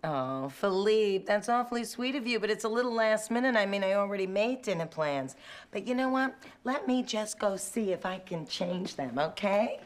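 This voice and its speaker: A woman's voice: mid-range voice, lively intonation, natural voice. A woman playing a brassy, wisecracking nanny. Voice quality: brassy, quick-witted wisecracks. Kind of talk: sitcom acting. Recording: sitcom audio with loud background noise.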